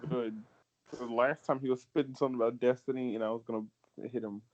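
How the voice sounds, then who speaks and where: A man's voice: medium pitch, little pitch movement, fast talker, darkish tone, lo-fi sound. A young man playing in a tabletop game, often exasperated and laughing, swearing casually. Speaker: player.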